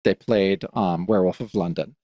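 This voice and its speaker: A man's voice: sits low, fairly even intonation, moderate pace, warm tone, no room sound, clean studio sound. A man co-hosting a podcast about comics, chatting casually and rambling with many restarts. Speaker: podcast co-host.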